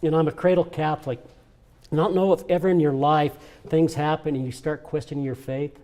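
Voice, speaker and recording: This older honoree talks a little fast, his voice on the high side, steady and slightly mellow. At a charity event he shares a heartfelt personal speech, earnest and emotional, with repeated moments.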